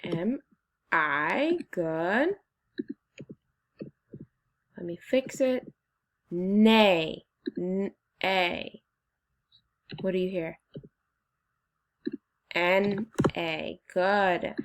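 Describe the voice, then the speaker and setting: A woman teacher with a lowish voice leads a phonics lesson for children, sounding out syllables slowly and encouragingly.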